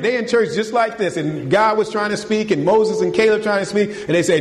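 A man preaching a sermon to his congregation, animated and colloquial, firing rhetorical questions and calling them y'all. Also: sits high, a little fast, hardly any pauses, long reverb tail. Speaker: pastor. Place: church.

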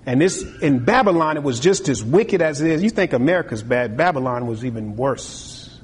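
Animated preacher man in a reverberant hall. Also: mid-range voice, normal speed, slight background noise. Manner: animated, acts out voices of tempters and the king. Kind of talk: sermon.

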